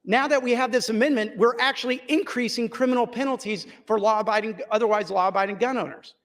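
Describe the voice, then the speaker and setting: Guy w a high voice, kinda losing it, firm lawyer-ish floor speech, hammers the same points. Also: steady tone, quick pace, a bit bright. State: losing his voice. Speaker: state senator in floor debate. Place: legislative chamber.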